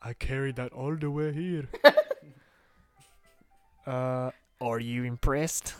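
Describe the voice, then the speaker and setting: A man's voice: mid-range voice, clean tone, dry recording, faint music behind, pitched below the performer's own voice, close to an everyday voice. A man voicing a feisty, prickly teenage girl in a visual novel, reading her lines in a bratty, teasing way. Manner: bratty, teasing, quick to snap back.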